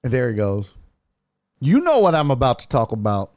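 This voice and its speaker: A man's voice: mid-range voice, normal speed, dry recording, clean studio sound. A man hosting a casual live-streamed sports show, ranting and cursing freely. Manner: profane, ranting, animated.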